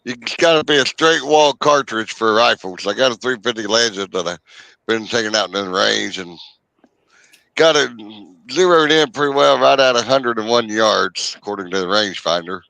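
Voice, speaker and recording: A man hosts a relaxed chat and talks through his own rifle in an easygoing way. His voice is gravelly and bright, with lively pitch. The sound is close and dry. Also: moderate pace, dry recording, rough recording. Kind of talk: casual chat.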